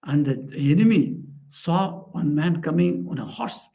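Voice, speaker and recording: A man's voice: lively intonation, unhurried, creaky, mellow. A man, a swami telling parables in an earnest sermon, raising his voice for the characters he quotes. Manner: earnest storyteller, lifts pitch for quoted characters. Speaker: swami giving a spiritual talk. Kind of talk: storytelling sermon. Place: society house room.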